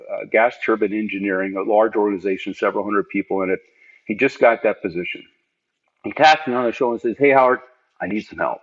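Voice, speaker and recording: A middle-aged man, a podcast guest, tells earnest, reflective stories of his working life in a conversational interview from home. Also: fairly low pitch. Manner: earnest, reflective, animated storyteller. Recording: dull lo-fi remote audio.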